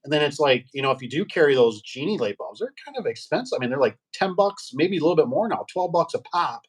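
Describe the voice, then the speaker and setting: A man's voice: fairly high pitch, fast, breathy edge. Rambling middle-aged man telling shop stories. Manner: rambling, animated anecdotes with acted-out quotes. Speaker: guest, garage door business owner. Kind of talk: casual storytelling chat.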